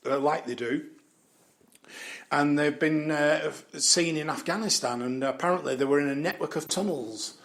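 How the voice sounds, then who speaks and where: Gravelly, swearing man. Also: fairly high pitch, fairly bright tone. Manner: swears freely, chuckles, trails off with fillers. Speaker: vlogger. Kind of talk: rambling casual commentary.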